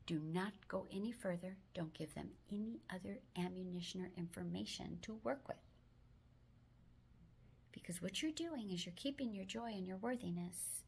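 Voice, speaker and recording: Lady whispering soft self-help encouragement, bit of vocal fry, faint hiss behind. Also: medium pitch, moderate pace. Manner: gentle, affirming, mostly whispered with firmer spoken phrases. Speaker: self-help video host.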